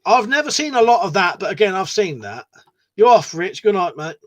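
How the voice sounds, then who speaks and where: A man hosts a relaxed livestream, answering his viewers like old mates and swearing without a second thought. His voice sits a little high for a man and bounces up and down a lot as he talks. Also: fairly quick. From United Kingdom. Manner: chatty and matey, swears freely. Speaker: livestream host. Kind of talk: casual chat, reading viewer messages aloud.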